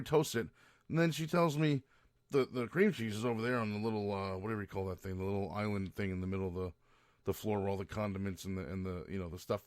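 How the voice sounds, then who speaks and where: A podcast host rants in a loose, profane monologue, stumbling over restarts as he goes. His voice sits low and sounds dry and close. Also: no room sound. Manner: ranting, profane, rambling with restarts. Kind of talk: casual monologue.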